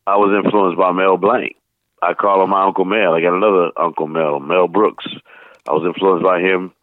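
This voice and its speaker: A man in his fifties from St. Louis, telling rambling, lively stories as an interview guest. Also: low-pitched, moderate pace, no echo. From St. Louis, USA. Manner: rambling, animated anecdotes, slips into voices. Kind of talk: casual storytelling interview. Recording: tinny phone line.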